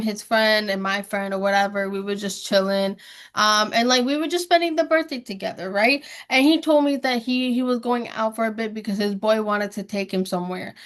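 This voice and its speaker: A woman's voice: mid-range voice, a bit bright. A young woman hosting a podcast, telling a story in casual chat, slangy and swearing freely as she acts out what people said. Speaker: podcast host.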